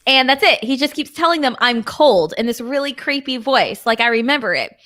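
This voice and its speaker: A woman's voice: fairly high pitch, lively intonation, fairly quick, fairly bright tone. A woman in her thirties co-hosting a podcast, chatting casually, teasing and laughing often. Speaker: podcast co-host. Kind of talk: casual chat.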